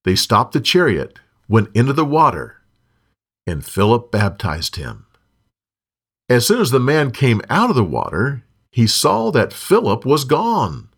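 Slow, expressive male Bible storyteller. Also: medium pitch, slightly rough. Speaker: narrator. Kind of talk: scripted Bible story narration.

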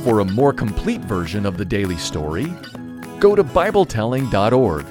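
Deep man announcing over guitar music. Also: big pitch swings, moderate pace. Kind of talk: scripted announcement.

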